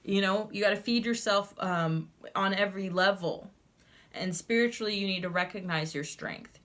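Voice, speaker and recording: A woman's voice: medium pitch, normal speed, a bit bright. A young woman doing a casual tarot reading, ranting and swearing heavily with lots of energy. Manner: ranting, heavy swearing, fired up. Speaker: tarot reader.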